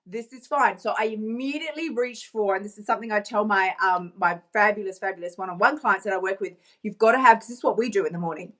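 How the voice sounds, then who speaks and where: A woman's voice: medium pitch, quick pace, fairly bright tone. A woman coach giving a bubbly, playful and emphatic motivational vlog, talking into her phone.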